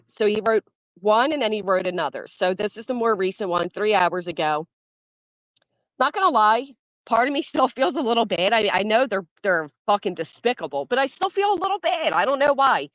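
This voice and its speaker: A chatty woman hosts a casual home livestream and talks straight to her chat, swearing freely and laughing as she goes. Her voice sits at an ordinary middle pitch. It comes through a phone mic with a dull, muffled lo-fi sound and no room echo. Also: lively intonation, moderate pace. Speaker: livestream host. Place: at home, early morning.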